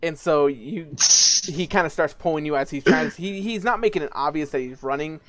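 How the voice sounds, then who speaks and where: A man's voice: a little high, a little fast, no echo. A man running a tabletop game as game master, narrating casually with many fillers.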